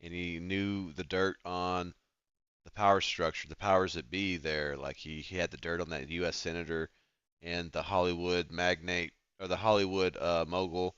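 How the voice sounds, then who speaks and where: A man's voice: deep voice, little pitch movement, normal speed, a bit bright, clear, resonant tone, no room sound, highs cut off. A man hosting a casual stream, rambling and restarting his thoughts with lots of filler. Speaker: streamer host.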